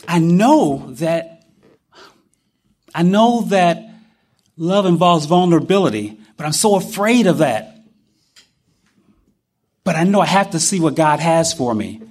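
A middle-aged man giving an emotional personal testimony at a recovery gathering, earnest and halting, often restarting his sentences. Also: on the high side, husky. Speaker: recovery speaker.

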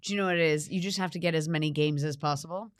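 A woman co-hosting a podcast in casual chat, giggly and animated, often breaking into laughter. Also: low-pitched, racing, no echo, clean studio sound. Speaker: podcast co-host.

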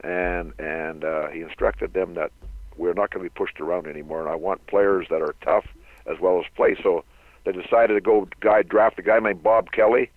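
A low, gravelly voice of an older man from Canada, spinning loose, rambling stories from his playing days and chuckling at his own tales. The sound comes through a thin, tinny phone line with a dry, close feel. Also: fairly even intonation, normal speed, no room sound. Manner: rambling anecdotal storyteller who laughs often. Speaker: guest, former hockey player. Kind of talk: storytelling interview.

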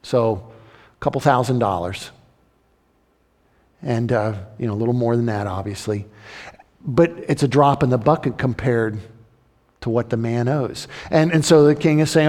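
A man preaching a sermon, animated and acting out the voices of the story's characters. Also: medium pitch, normal speed, long pauses, in a large hall. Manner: animated, acts out the crowd and king in raised voices. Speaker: pastor.

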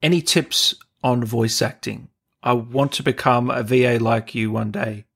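A man's voice: mid-range voice, fairly even intonation, measured pace, gravelly, fairly bright tone, slightly rough. A man hosting a casual interview, playful as he reads out viewer questions. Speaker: interview host.

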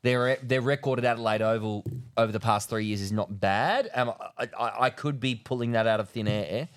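A man's voice: medium pitch, a little fast, clean tone. A man co-hosting a casual sports podcast with an Australian accent, repeating himself and laughing often as he chats. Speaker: podcast co-host.

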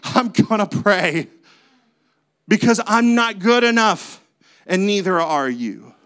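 A man's voice: high-pitched, expressive, takes it slowly, fairly bright tone, smooth. A man preaching a sermon as a pastor, with a conversational manner, lots of rhetorical questions and playful asides.

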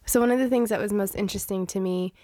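A congested, nasal-sounding woman with a mellow, medium-pitched voice talks quickly into a studio mic in a bone-dry room with no room sound. Co-hosting a podcast, she chats loosely about her reading, laughing often and singing playful jingles.

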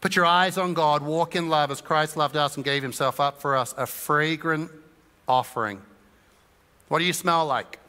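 A pastor preaches in a church, and his voice sits fairly high for a man and rings bright. He talks to the room in a chatty, joking way, slipping into quick imitations of what listeners might think. The sermon carries a long hall reverb. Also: smooth. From England. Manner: conversational and humorous, acting out little voices of listeners. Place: church auditorium.

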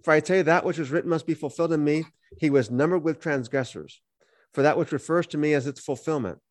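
A fast-talking man whose voice runs on the high side reads Bible verses aloud on a podcast he co-hosts. He then explains them with animated, conversational teaching, in a studio-quality recording with no echo.

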